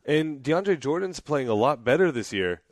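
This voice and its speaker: A young man co-hosting a podcast, giving his opinions on sports in an excitable, casual way. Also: fairly high pitch, normal speed, no room sound, clean studio sound. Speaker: podcast co-host.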